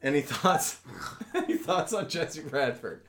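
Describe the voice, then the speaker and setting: A man's voice: fairly high pitch, animated, unhurried, fairly bright tone, roomy sound. A man hosting a podcast in casual chat, ranting and mocking with plenty of swearing. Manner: profane, mocking rants. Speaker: podcast host. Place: podcast studio.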